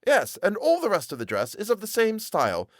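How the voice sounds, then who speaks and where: A man's voice: sits high, huge pitch swings, a little fast, no room sound, studio quality, voice pushed up, exaggerated voice. A man doing a blustering gossipy tailor. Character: boastful chatty male tailor. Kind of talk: audiobook character voice.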